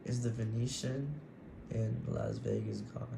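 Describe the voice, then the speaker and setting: A man's voice: medium pitch, huge pitch swings, a little slow, gravelly, background noise. A young man rambling through a casual personal podcast, giddy and affectionate. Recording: roomy echo with faint ambience.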